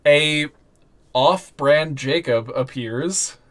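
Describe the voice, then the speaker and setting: A game master narrates a tabletop game slowly and loosely, full of fillers and restarts. The voice sits in a middle pitch. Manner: relaxed, rambling narration with fillers.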